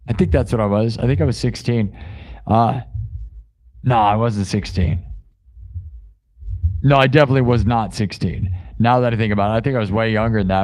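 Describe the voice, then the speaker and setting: A man's voice: medium pitch, a little mellow. A man hosting his own live stream, chatting casually to viewers in a rambling way and correcting himself as he goes. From United States. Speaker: live-stream musician host.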